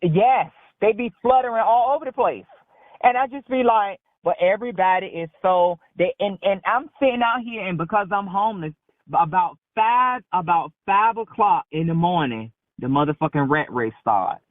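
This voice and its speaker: A woman phones in to a talk show with an animated, mid-range voice at normal speed, bluntly telling a rambling story laced with heavy profanity. The call comes through a dry, tinny phone line with no echo.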